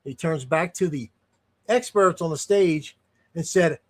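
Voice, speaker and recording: A streamer gives casual, unscripted commentary in a slightly high voice at a measured pace. He's indignant and rambling, often restarting and wandering into digressions.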